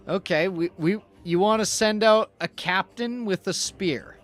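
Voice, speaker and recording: Hesitant high-voiced man running a game. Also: a little slow, hardly any pauses, a bit bright, soft background music. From Canada. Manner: hesitant, restarts to check choices. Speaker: game master streamer. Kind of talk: narrating a tabletop role-play stream.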